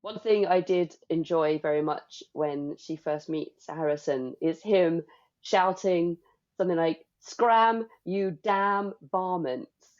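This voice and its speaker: A woman's voice: low voice, unhurried, mellow, muffled recording. A woman co-hosting a book club podcast, chatting casually with wry, playful asides. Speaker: podcast co-host.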